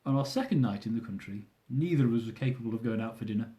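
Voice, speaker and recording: A man's voice: mid-range voice, lively intonation, quick pace, warm tone. A young man reading aloud from his own travel memoir, with dry, self-mocking humour.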